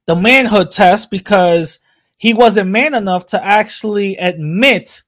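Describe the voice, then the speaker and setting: Animated, profane man telling a story. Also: high voice, a little slow. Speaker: podcast co-host. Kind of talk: casual podcast chat.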